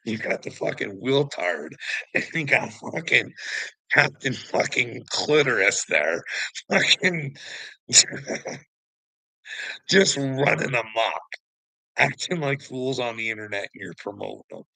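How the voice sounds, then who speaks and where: A man's voice: medium pitch, animated, slow, vocal fry, pauses often, bright, forceful tone, dry recording, pitched above the performer's own voice, heavily acted. A man voicing Jesus as a scolding figure at someone's door, swearing as he tells him off in a casual vlog rant. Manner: profane, scolding.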